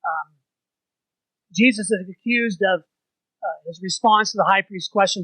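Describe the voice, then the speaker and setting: A man's voice: high-pitched, measured pace, bright, forceful tone, no echo, poor audio. A man leading an informal church Bible study, talking conversationally and putting questions to the group.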